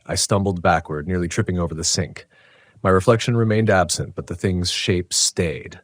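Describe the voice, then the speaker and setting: Male narrator, deep, dry booth sound, tense hushed horror storytelling. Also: moderate pace, no echo.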